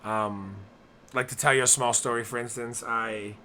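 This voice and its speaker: A man's voice: mid-range voice, steady tone, moderate pace, sharp tone, a little hiss or hum. A young man co-hosting a casual podcast, talking earnestly and at length, acting out people's inner thoughts as he goes. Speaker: co-host.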